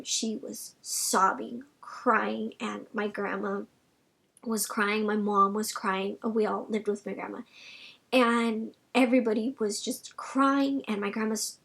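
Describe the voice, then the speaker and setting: A young woman chatting casually in a Q&A vlog, rambling with lots of fillers and sometimes dropping to a soft near-whisper. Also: a little high, creaky, slightly rough. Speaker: vlogger answering viewer questions.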